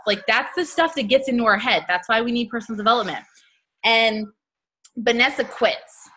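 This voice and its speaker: A woman's voice: fairly high pitch, normal speed, bright, forceful tone, husky. A woman giving a casual, blunt motivational talk to her sales team, chatty and full of slang, acting out little scenes in quoted voices. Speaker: network marketing team leader.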